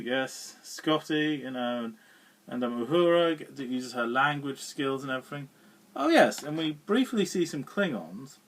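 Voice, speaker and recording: A man's voice: on the high side, fairly bright tone, recorded from a distance. A man giving a casual spoken film review, rambling along with frequent chuckles, fillers and restarts.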